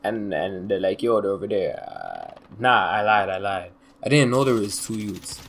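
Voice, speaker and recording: A young man recounts something from his own life, loose and slangy, rambling and often trailing off with "da, da, da." His fairly low voice swings widely in pitch, moves a little slowly, and sounds creaky and slightly bright.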